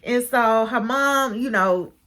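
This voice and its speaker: A woman casually recapping a show's episode, chatty and expressive, acting out what each person said. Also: a little high, slow pace. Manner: chatty and expressive, calls listener "baby"; retells scenes with quoted dialogue. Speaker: show recap reviewer.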